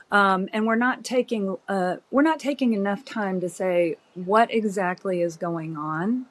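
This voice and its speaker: A woman in her fifties, a doctor and podcast guest, speaking in a measured, reflective way with frequent pauses and fillers. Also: medium pitch. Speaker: OB-GYN guest. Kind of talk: conversational podcast interview.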